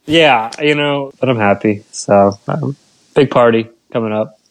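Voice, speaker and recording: A man co-hosts a casual podcast in a middle-pitched, everyday voice. He tells rambling stories with emotion and laughs often between his words. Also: unhurried, no echo. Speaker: podcast co-host.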